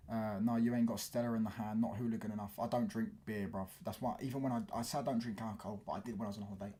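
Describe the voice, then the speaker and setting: Slangy London lad, low voice. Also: male voice, dark tone, slight background noise. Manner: casual slangy, keeps asking "do you get what I'm saying". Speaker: football live streamer. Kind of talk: live stream chat reading comments.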